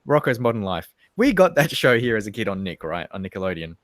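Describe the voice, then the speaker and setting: A man in his thirties with an Australian accent, co-hosting a casual livestream chat and telling animated, profane, rambling stories. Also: on the low side, fast talker, no echo, clean studio sound. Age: 30s. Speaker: livestream co-host.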